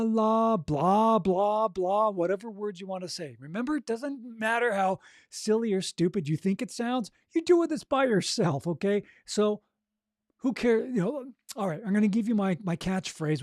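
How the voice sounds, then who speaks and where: On a podcast, a man with a high-pitched, slightly mellow voice coaches audiobook narration, encouraging listeners and demonstrating vocal exercises. He keeps checking in with "right?" and "okay?" The studio sound is clean with no echo.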